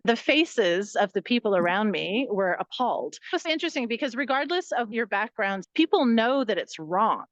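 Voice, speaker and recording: A woman's voice: a little high, very animated, moderate pace, few pauses, dry recording, highs cut off. A woman co-hosting a podcast, talking reflectively and telling stories from her own workshops. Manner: reflective, storytelling with examples. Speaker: podcast co-host. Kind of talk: casual conversational chat.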